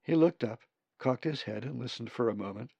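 A man narrating an audiobook slowly and expressively. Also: mid-range voice, creaky, slightly rough, dry recording. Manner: slow, expressive. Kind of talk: scripted narration. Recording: dull lo-fi recording.

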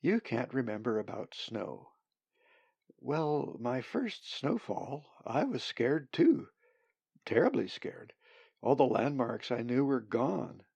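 A man voicing a gentle, patient female raven who soothes a young bird. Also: medium pitch, big pitch swings, takes it slowly, vocal fry, breathy edge, no echo, lo-fi sound, heavily acted. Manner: soothing, reassuring.

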